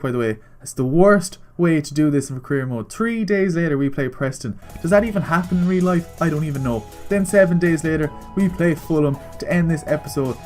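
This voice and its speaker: A young man talks through his football video game in a fast, excitable way, cheering and groaning at every chance. His voice sits a little high for a man. He swears freely, and soft music plays faintly underneath. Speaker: gaming YouTuber. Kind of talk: casual gameplay commentary.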